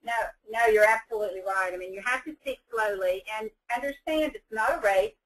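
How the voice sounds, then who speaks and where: A woman's voice: fairly high pitch, a little fast, far from the mic, poor audio. A woman chiming into a training webinar, agreeing and adding advice. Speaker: webinar participant. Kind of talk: webinar discussion.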